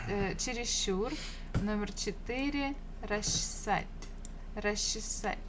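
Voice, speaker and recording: Slow, patient woman teaching Russian. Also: mid-range voice, noisy background. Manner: slow, patient, repeats words several times, chats with viewers. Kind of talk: live-streamed language lesson. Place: home.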